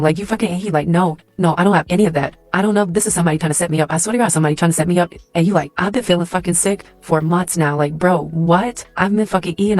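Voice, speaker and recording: A woman's voice: lowish voice, a little mellow, no echo. A woman telling a casual storytime in second person, profane, acting out the quoted lines. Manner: fast, profane, acts out quoted dialogue. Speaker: storyteller in a clip.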